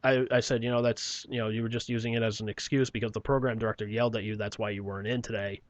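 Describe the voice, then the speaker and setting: A man telling a personal story on a casual podcast, rambling and profane, often clearing his throat and trailing off quietly. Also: fairly low pitch, flat delivery, fast talker, no room sound.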